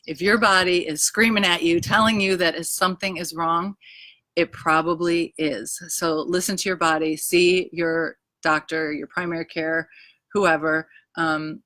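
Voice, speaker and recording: A woman talks into her phone outdoors, rambling through a personal story with lots of "anyways," her voice bright and edged. She sits a little low in pitch and sounds close and dry. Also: level tone, measured pace, no echo. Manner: emotional, rambling, frequent "anyways" and "um". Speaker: vlogger sharing a personal health story. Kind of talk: casual live video chat. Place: backyard outdoors.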